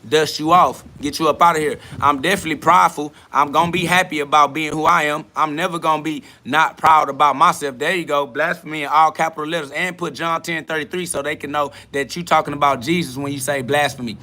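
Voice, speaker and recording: A man's voice: fairly high pitch, fairly even intonation, fast, few pauses, bright, forceful tone, slight background noise. A young man hosting a podcast, answering live chat in a blunt, profane, lecturing monologue. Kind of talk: preachy live-stream monologue.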